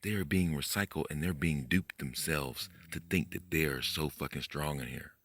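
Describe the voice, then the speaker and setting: Low-voiced guy ranting late at night, swears a lot, gets loud and high when worked up, dry no-room sound. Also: no echo. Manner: profane, excitable, jumps up in pitch when worked up; talks fast and trips over words. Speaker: conspiracy video host. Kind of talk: rambling late-night monologue.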